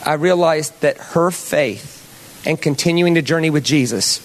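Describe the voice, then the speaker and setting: A man's voice: a little high, a little slow. A male pastor telling a story in a sermon, talking conversationally and putting questions to the audience.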